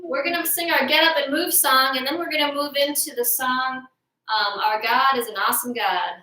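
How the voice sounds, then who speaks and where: A woman's voice: high voice, steady tone, normal speed, pushed and bright, poor audio. A woman hosting a family show for children, cheerful and chatty as she shows their drawings. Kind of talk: presenting a kids' show.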